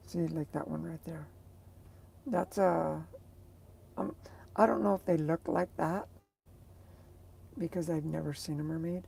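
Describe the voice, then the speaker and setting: A woman's voice: sits low, gravelly, warm tone, slightly rough. A woman vlogger chatting casually to her viewers, rambling and hesitant as she searches for words.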